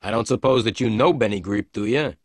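A man reading as a calm, hard-boiled private eye. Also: lowish voice, fairly quick, no room sound, clean studio sound, natural voice. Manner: quiet, level delivery.

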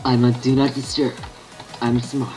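A man's voice: mid-range voice, flat delivery, takes it slowly, darkish tone, soft background music. A man with an Australian accent giving casual gameplay commentary, thinking aloud and muttering half-finished sentences to himself. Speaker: gaming channel host.

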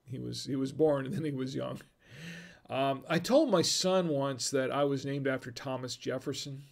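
A man's voice: mid-range voice, moderate pace, gravelly. A man hosting a casual livestream, reading viewer jokes, chuckling at them and trailing off mid-sentence.

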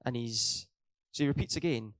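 A man's voice: mid-range voice, normal speed, fairly bright tone. A young man preaching a sermon in a church hall, earnest, hammering his points home by repeating them and correcting his own slips.

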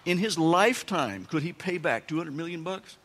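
A pastor preaching a sermon, telling the story with animated asides and dramatic emphasis. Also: male voice, a little high, moderate pace. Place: church sanctuary. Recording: long church-hall reverb.

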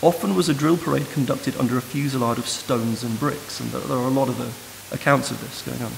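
A man's voice: mid-range voice, fairly even intonation, a little fast, vocal fry. Man lecturing in an echoing hall. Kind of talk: academic lecture. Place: lecture room. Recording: noisy hiss in a reverberant hall.

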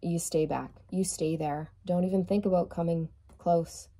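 A woman voicing a fierce, protective wolf that warns intruders away in low, threatening tones. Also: steady tone, moderate pace, mellow. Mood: menacing.

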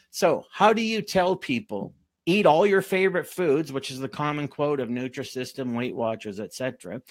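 A man's voice: fairly high pitch, no room sound. A man coaching in a live webinar, reading out food labels with sarcastic, exasperated commentary and calling his viewers folks. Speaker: fitness coach hosting a webinar.

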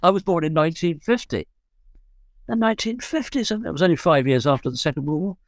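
A man's voice: on the high side, animated, quick pace, no room sound, studio quality. A man in his seventies from London, a guest musician recalling his youth in rambling, self-correcting, joking talk. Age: 70s. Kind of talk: relaxed storytelling.

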